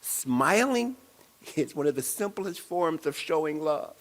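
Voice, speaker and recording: A man's voice: fairly high pitch, sing-song, unhurried, a bit bright. A man preaching a sermon in a church, leading affirmations and prayer with repeated phrases. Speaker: spiritual speaker.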